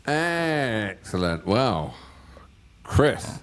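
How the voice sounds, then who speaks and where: A man's voice: lowish voice, very animated, very slow. A middle-aged man chatting casually as co-host, rambling and stumbling over his words with a joking manner. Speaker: co-host of a music reaction channel. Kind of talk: casual chat.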